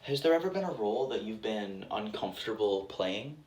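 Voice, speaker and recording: A man's voice: fairly low pitch, lively intonation, brisk, a little mellow. A man asking an interview guest short, plain questions in a casual tone. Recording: roomy with faint background noise.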